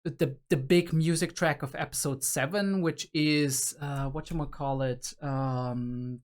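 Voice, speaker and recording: A man's voice: on the high side, steady tone, slow pace. A young adult man hosting a reaction video, musing aloud in a casual, rambling way with many fillers and restarts.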